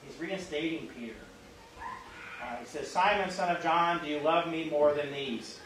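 A man's voice: fairly high pitch, normal speed, fairly bright tone. A man with a Midwestern American accent, a pastor leading an interactive Bible class, speaking conversationally with many fillers and questions put to the group. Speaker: pastor teaching a Bible study. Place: church classroom. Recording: roomy, distant mic, faint hiss.

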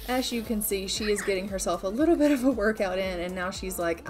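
A woman's voice: mid-range voice, brisk, hardly any pauses, faint music behind. A woman hosting a gaming channel, giving chatty, upbeat casual commentary over her play.

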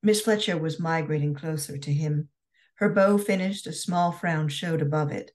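Woman author, low pitch, steady measured narration, romance novel reading.

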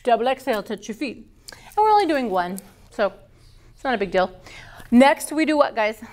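Woman yoga trainer, high lively voice, playful and upbeat cues to a class. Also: normal speed. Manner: upbeat, playful, cue-giving.

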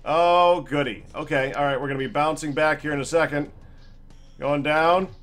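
A man's voice: on the high side, steady tone, normal speed, fairly bright tone, soft background music. A man giving live commentary on his own gameplay, talking frantically, stammering and turning sarcastic when things go wrong. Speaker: gaming channel host.

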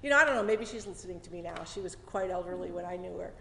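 A woman's voice: on the low side, expressive, rapid-fire, gravelly, noisy background. A woman telling a personal story live on stage, chatty and emotional, with laughing asides and frequent restarts. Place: arts center hall at a story slam. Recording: echoey hall with long reverb.

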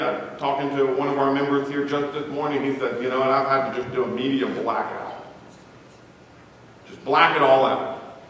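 A man's voice: mid-range voice, fairly bright tone, slight background noise. A man preaching a sermon to his congregation, emphatic and stressing single words. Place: church sanctuary. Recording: echoey church hall, mic at a distance.

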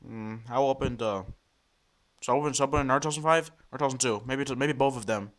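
A man giving casual commentary over a computer screen recording, talking to viewers in a halting, excitable way and often repeating and restarting words. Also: medium pitch. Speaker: computer vlogger.

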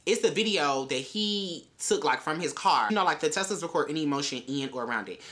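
A woman's voice: deep voice, lively intonation, brisk, a bit bright. A young woman telling a wild story in a vlog, brash and full of swearing. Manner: brash, profane, chatty storytelling. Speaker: vlogger.

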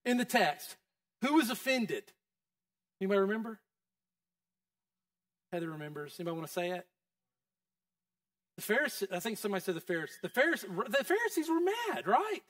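A pastor preaching in a high, animated voice that climbs and dips all the time. He talks to the congregation casually and keeps throwing questions at them. The mic is dry and sits some distance from him. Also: fairly quick, long pauses, dry recording. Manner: conversational, quizzing the congregation. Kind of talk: sermon. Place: church.

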